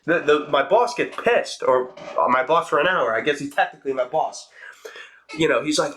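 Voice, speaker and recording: Young guy, casual storytime, animated and profane, crisp bright voice. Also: a little high. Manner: fast, animated, swearing, acts out quotes. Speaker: streamer telling a story.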